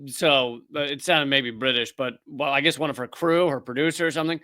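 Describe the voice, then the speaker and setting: A man's voice: medium pitch, fairly even intonation, a little fast, bright, forceful tone. A man hosting a comedy show, mocking news footage in a wry, sarcastic commentary. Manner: mocking, wry, thinking aloud with restarts.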